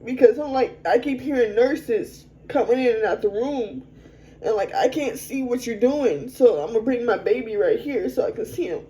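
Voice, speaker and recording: Frank young woman, mellow voice. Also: a little high, expressive, slight background noise, rough recording. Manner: frank, conversational, quick to vent. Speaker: interview guest. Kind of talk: candid personal storytelling.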